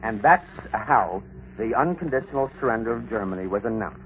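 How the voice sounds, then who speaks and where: A man reporting as a radio news correspondent, with a measured, formal delivery. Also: lowish voice, animated. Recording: dull, lo-fi 1940s radio broadcast with faint hiss.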